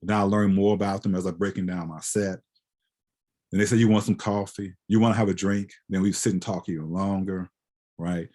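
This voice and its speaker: Man, husky, lowish voice, reflective lecture, conversational, keeps asking "right?". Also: fairly even intonation, brisk, warm tone. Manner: conversational, often ends with "right?". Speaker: guest lecturer, photographer. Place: lecture hall.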